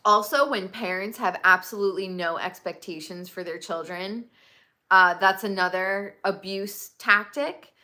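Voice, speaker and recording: A woman with a bright, forceful voice hosts her own livestream. She rambles through an opinionated casual chat and keeps dropping in "like". Her delivery is slow and drawn out. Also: medium pitch. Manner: rambling and opinionated, full of "like" fillers. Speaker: livestream host.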